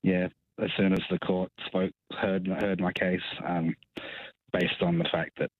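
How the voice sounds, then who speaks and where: Husky deep-voiced Australian caller on the phone. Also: male voice, little pitch movement, a little slow. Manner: rambling, hesitant, many ums and restarts. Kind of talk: phone-in talkback call. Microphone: telephone. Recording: tinny phone line.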